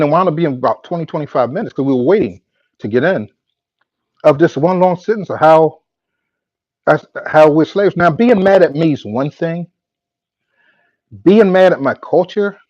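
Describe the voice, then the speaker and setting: A man in a middle pitch tells a long story to the mic, with halting phrasing and many false starts. He voices both himself and the other person. The sound is dry and slightly dull, with no room echo. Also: darkish tone. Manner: halting, repeats words and restarts often; acts out both sides of a conversation. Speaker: podcast host. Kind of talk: casual storytelling monologue.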